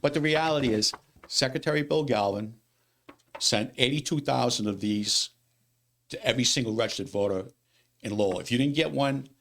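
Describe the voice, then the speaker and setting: A man who runs a city's elections, explaining voting rules in a casual studio interview, talking quickly and with animation, repeating himself when exasperated. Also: mid-range voice, fairly bright tone. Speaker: city elections director. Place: local TV studio.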